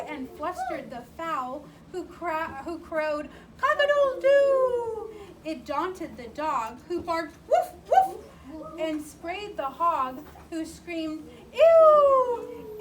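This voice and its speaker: A woman reading a picture book aloud to a child in a slow, sing-song way, stopping to ask questions. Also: high-pitched. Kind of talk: read-aloud storytelling. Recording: distant mic with clear background noise.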